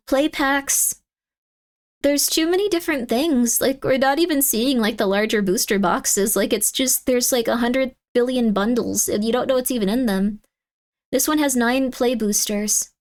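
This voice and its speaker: A woman streaming live, chatting casually and rambling in exasperated disbelief, her voice often jumping up in pitch. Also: moderate pace.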